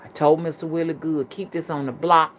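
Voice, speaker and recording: Woman, middle-aged, Southern US accent, low voice, chatty vlog storytelling, faint background noise. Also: level tone, a little fast. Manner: colloquial, chatty, addresses the audience as "y'all". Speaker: spiritual reader and rootworker. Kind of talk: casual storytelling to viewers.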